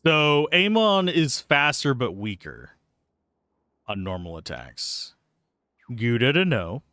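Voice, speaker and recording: A man's voice: mid-range voice, very animated, takes it slowly, pushed and bright, dry recording, clean studio sound. A man livestreaming a video game, chatting in a rambling, casual way and swearing now and then when something annoys him. He talks from his desk at home. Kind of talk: casual gameplay commentary. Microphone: close mic with earbuds at a PC.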